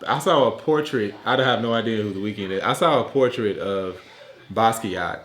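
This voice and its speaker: A man's voice: on the low side, moderate pace. A man with a mid-range voice chats on a podcast, cracking jokes and acting out little stories. He laughs often as he talks. His voice carries in an echoey room. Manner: joking, animated storyteller, laughs a lot. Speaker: podcast co-host. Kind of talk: casual chat.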